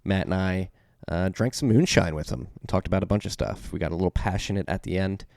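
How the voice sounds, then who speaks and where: A podcast host from the Philadelphia area speaks quickly in a deep, gravelly, slightly mellow voice. He tosses off the intro and ad spots casually, with plenty of fillers and self-corrections. The audio is studio grade with no echo.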